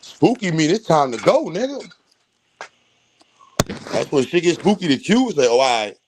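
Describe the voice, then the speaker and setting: A young adult man, hosting a casual livestream rant, loud and profane, streaming from a phone at home. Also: on the high side, moderate pace, a little hiss or hum. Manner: loud, animated, profane storytelling with bursts of laughter. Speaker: stream host. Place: at home, moving between a room and the doorway outside.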